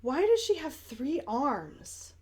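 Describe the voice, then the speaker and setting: Brief: a woman voicing a puzzled, pushy gallery visitor, pitched high and loud, questioning in disbelief. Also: sing-song, takes it slowly, breathy edge, heavily acted. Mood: incredulous.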